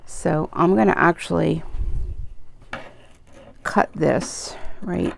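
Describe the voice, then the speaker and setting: A woman's voice: lowish voice, fairly even intonation, takes it slowly, creaky, background noise. A middle-aged woman hosting an embroidery video, talking in a rambling, chatty way while she works. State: tearful at times. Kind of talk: casual chat while crafting.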